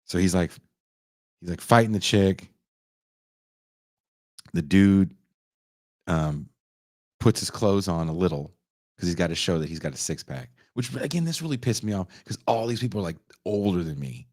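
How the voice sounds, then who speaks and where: A man in his forties, a podcast host, retelling a movie in casual chat with animated, profane storytelling. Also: low-pitched, normal speed, long pauses, no echo, studio quality. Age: 40s. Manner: animated, profane storytelling that acts out quoted lines.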